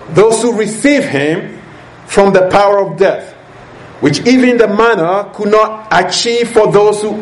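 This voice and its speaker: A man preaching a sermon in a deliberate way, asking rhetorical questions as he explains the passage. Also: sits high. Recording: echoey room with faint ambient noise.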